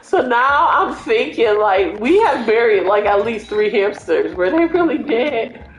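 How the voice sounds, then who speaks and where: A woman's voice: a little high, expressive, a little slow. Chatty young woman in a roomy space. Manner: rambling, chatty storytelling with frequent fillers. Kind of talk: casual chat. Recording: roomy echo with faint music.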